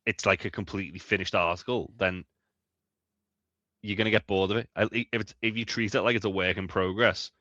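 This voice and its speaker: A man's voice: deep voice, steady tone, brisk, pushed and bright, no echo, highs cut off. A man co-hosting a podcast who rambles through his opinions, swears casually and often restarts words. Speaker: podcast co-host. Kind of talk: casual chat.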